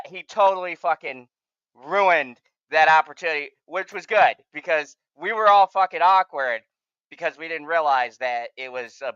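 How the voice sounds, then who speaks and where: A man's voice: on the high side, a bit bright, smooth, no room sound, dull audio. A man hosting a casual podcast chat, telling a rambling story and swearing freely. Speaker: channel host.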